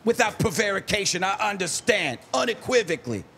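A man playing a loud pompous sports pundit, drawn-out words, high gravelly voice. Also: big pitch swings, slight background noise, full character voice. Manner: pompous, drawn-out emphatic pronouncements. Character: bombastic male sports pundit, loud and wordy.

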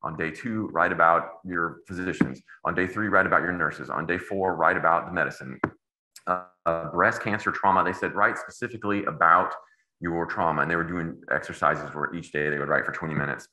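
A man's voice: low voice, brisk, bright, forceful tone, roomy sound, low-quality recording. A middle-aged man giving a medical lecture in a casual, digressive way with wry asides. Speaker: anesthesiologist giving grand rounds.

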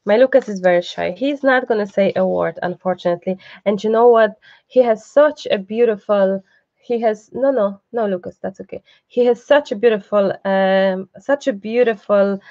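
A woman's voice: medium pitch, darkish tone, no echo, muffled recording. A woman hosting a live online craft class, chatty and reassuring, breaking off for asides to the person behind the camera. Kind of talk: live craft tutorial, casual chat.

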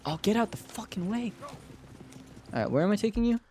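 A man's voice: high-pitched, sing-song, brisk, dark tone, slight background noise. A male streamer casually commenting on his game to viewers, swearing freely. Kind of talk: gaming livestream commentary.

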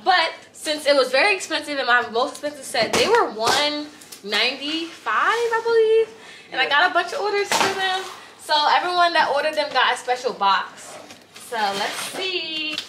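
A woman's voice: high-pitched, normal speed, background noise. Chatty 22-year-old woman vlogger. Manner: chatty, slangy, animated storytelling. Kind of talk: casual diary vlog.

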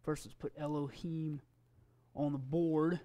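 A man teaching a Bible language class in a church classroom, folksy and halting, with frequent fillers and restarts. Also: on the high side, little pitch movement, mellow. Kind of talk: classroom lecture. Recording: long reverb from a hall.

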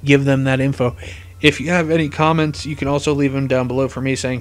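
A man narrating a fan story, rambling casually in his asides, his voice going hoarse. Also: medium pitch, flat delivery, a little fast. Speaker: storyteller, fan fiction reader.

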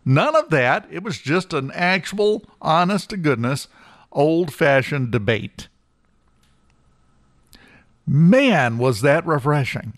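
A man's voice: on the high side, animated, slow, long pauses, no echo. A man hosting a talk radio show in a studio, delivering a blunt, sarcastic opinion monologue with emphatic repetition.

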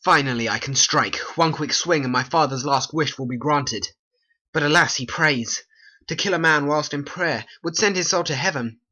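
A performer voicing a brooding, vengeful young prince in an amateur animated play, reading the old verse earnestly. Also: medium pitch, normal speed, highs cut off. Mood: resolute.

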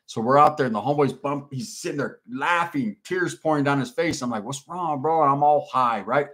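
A man's voice: medium pitch, a little fast, a bit bright. A man hosting a livestream, telling a long story in laid-back street slang and reading out comments from chat. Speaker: livestream host.

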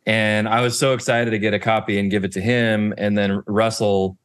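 A man guesting on a podcast, talking in a relaxed way with fillers and restarts. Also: on the low side, moderate pace, smooth, no room sound, studio quality. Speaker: guest, video ad producer. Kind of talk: casual podcast interview.

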